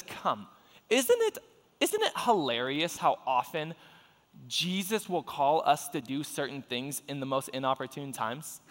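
A man preaching a lively, joking sermon, talking straight to his congregation. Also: a little high. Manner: joking, animated, talks to the congregation. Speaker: pastor. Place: large church hall with audience. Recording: long reverb of a large hall.

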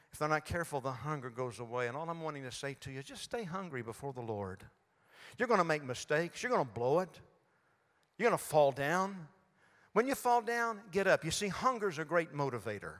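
An older man preaches to a congregation, spinning folksy, joking stories. His voice sits a little high for a man. The sound rings with the long reverb of a large sanctuary. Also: a bit bright. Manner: folksy storytelling with humor. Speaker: guest preacher. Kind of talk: sermon. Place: church sanctuary.

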